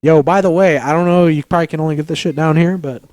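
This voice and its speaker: A man's voice: on the high side, steady tone, quick pace, a little mellow, dry recording. A young man, co-hosting a podcast in a living room, tipsy, loose and profane, telling stories and laughing. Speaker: podcast co-host. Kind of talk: drunk casual chat.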